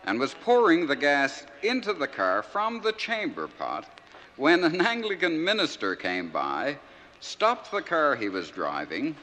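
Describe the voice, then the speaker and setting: A man, a radio host telling jokes in a folksy, animated way. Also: medium pitch, a little hiss or hum. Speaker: radio host and comic storyteller. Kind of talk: stand-up joke telling. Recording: reverberant 1971 live LP.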